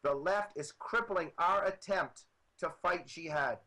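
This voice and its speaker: Emphatic man with a bright, forceful voice. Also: fairly high pitch, unhurried, poor audio. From Soviet Union. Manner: emphatic, repetitive, rising to passionate declarations. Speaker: author. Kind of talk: political interview.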